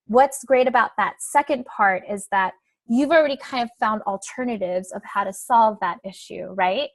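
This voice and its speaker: A woman's voice: on the high side, moderate pace, dry recording. A young adult woman coach giving a webinar talk in a conversational way, often tagging her points with "right?" and "like". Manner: conversational, frequent "right?" and "like" tags.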